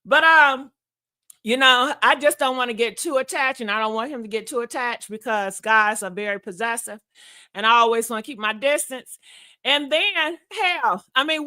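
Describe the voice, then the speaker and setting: A woman hosts a podcast in a high, bright, forceful voice, telling dating stories in a sassy, frank, casual storytelling chat. She swears freely, laughs often and keeps calling listeners girl and honey.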